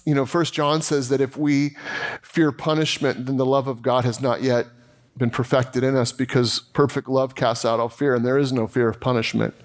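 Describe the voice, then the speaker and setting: A man's voice: medium pitch, flat delivery, moderate pace. A male pastor preaching a sermon, telling a story in a chatty, self-deprecating way with laughs. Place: church.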